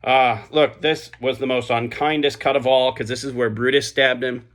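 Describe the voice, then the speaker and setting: A man's voice: mid-range voice, steady tone, moderate pace, fairly bright tone, lightly acted. A man doing a sly Roman orator. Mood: sly persuasive. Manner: wheedling, mock-innocent persuasion. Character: sly, scheming male Roman orator stirring a crowd.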